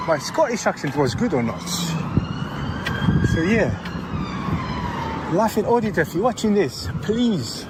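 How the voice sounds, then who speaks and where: A man's voice: sits high, very animated. Mocking, argumentative man on a noisy street. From Oxfordshire, England. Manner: mocking, argumentative, quick to challenge. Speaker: police auditor filming. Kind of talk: confrontational street filming.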